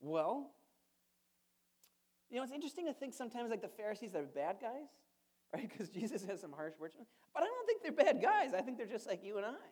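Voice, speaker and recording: A man's voice: high-pitched, sing-song, fairly quick, a little mellow, husky. A male pastor giving a sermon in a conversational style, asking the congregation rhetorical questions and adding playful asides.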